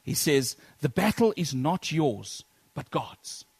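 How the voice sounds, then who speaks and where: A man preaching a sermon to his congregation, swinging from loud declaiming to soft near-whispers. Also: fairly high pitch, very animated, slow, creaky, slightly rough, no room sound. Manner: addresses congregation as brethren.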